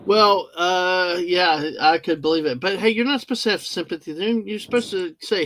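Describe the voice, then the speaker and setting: A man with a fairly high, bright voice chats easily on a live stream and throws in jokes. Faint road noise from the car sits behind him. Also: moderate pace, hardly any pauses, poor audio. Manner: relaxed, joking, easygoing. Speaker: host of a live driving stream. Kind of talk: casual chat.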